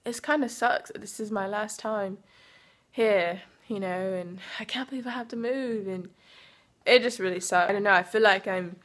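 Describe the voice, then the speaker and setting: A woman's voice: mid-range voice, moderate pace. A young woman speaking in a put-on British accent, talking casually to her vlog camera in a rambling way with many fillers. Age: young adult. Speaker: vlogger. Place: in her car.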